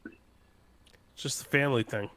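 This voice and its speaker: A man in a casual podcast chat, telling dark jokes in a deadpan way. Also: moderate pace, dry recording.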